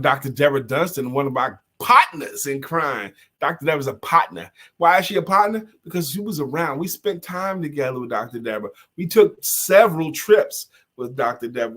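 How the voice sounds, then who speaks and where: A middle-aged man hosts a live talk show with a voice that sits on the high side. He talks in an animated way, sings little jingles and reads viewer comments aloud. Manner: animated, sing-song jingles, bursts into shouts. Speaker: host.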